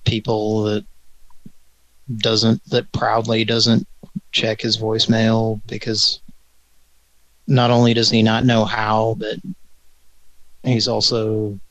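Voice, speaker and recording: A male host of a live prank call show, speaking slowly and unhurriedly. His delivery is dry and wry, with some crude asides. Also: fairly low pitch, dry recording, low-quality recording. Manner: wry, deadpan storytelling with profanity. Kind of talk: casual live show chat.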